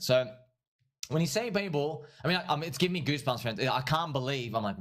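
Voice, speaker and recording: An excitable man hosts a casual livestream, talking his viewers through crypto charts. He keeps circling back to the same points, calls the audience friends, and laughs at his own remarks. His voice sits in an ordinary middle range for a man. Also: medium pitch, fairly quick. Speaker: livestream host and crypto trader.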